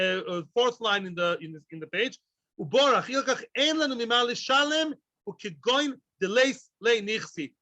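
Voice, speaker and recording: A man teaching a daily Talmud class, lively, asking and answering his own questions and speaking straight to his students. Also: high voice, no echo, lo-fi sound. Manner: talks directly to students.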